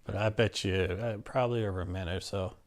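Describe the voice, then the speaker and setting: A man's voice: deep voice, fairly even intonation, fast talker. A middle-aged man candidly recounting a personal story in an interview, acting out what people said. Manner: candid, plainspoken, acts out quotes.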